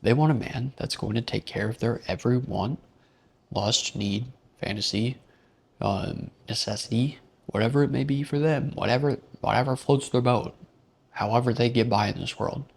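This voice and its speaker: A man ranting in an unscripted monologue, blunt and profane, rambling from point to point. His voice is gravelly and raspy at a middling pitch. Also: moderate pace. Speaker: vlog host. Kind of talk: casual rant monologue.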